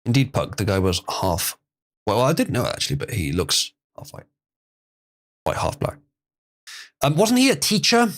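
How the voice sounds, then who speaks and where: A man hosting a livestream, chatting casually, reading chat messages and laughing often. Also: lowish voice. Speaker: livestream host.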